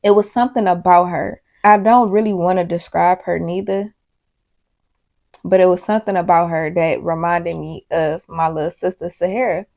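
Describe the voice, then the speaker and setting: Young adult woman, gravelly, casual and profane storyteller for a vlog. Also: on the low side, fairly even intonation, moderate pace, a little mellow. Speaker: vlogger.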